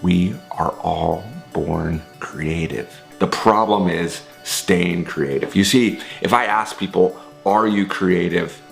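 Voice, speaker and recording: Low gravelly guy doing a motivational vlog talk, explaining stuff with examples. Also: faint music behind. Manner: explaining with examples, pace speeding and slowing. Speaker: vlog host.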